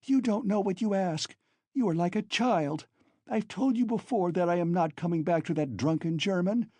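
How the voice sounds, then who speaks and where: A man reading an audiobook, voicing a proud, consumptive impoverished mother who talks in rapid, frantic bursts, panting and coughing. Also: animated, darkish tone, breathy edge, no room sound. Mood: frantic, desperate. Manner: rapid, frantic, shrill outbursts.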